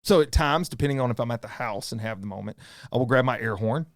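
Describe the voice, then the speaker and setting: Middle-aged man, playful podcast co-host, mid pitch, dry close mic. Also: quick pace, no echo. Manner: playful storyteller, animated. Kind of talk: casual chat.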